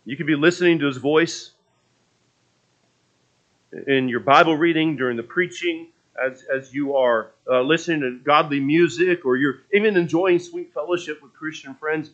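A man's voice: on the high side, normal speed, a bit bright, muffled recording. A man preaching a sermon in a conversational, storytelling way, often restarting his phrases.

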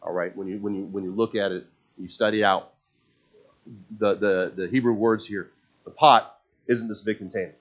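A man preaching a sermon. He tells the story with animation, acts out the characters' words, and repeats and restarts phrases when he gets excited. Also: on the low side, moderate pace, pauses often, highs cut off.

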